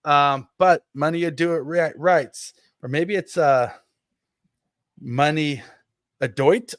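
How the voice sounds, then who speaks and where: A man's voice: on the high side, takes it slowly, a bit bright, no echo. Male podcast co-host, casual and playful, dry close recording. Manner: playful, jokey exaggeration.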